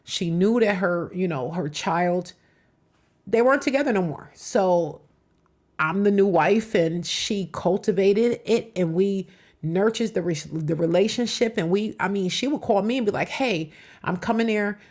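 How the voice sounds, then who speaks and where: A woman's voice: medium pitch, unhurried, darkish tone. A middle-aged woman hosting a live reaction show, talking back to the clips she plays with emphatic, personal commentary.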